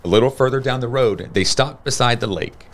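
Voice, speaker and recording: A man reading a children's storybook aloud in a steady, plain storytelling manner. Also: medium pitch, fairly quick. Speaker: storybook reader.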